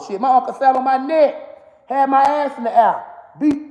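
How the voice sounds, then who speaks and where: A woman in her forties talks straight to the camera with blunt, profane candor. She cusses freely and breaks into laughter even while scolding. Her voice rings through a hard, echoey room that leaves a long reverb tail. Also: high-pitched, moderate pace, dull audio. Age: 40s. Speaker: comedian and mother. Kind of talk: candid monologue to camera.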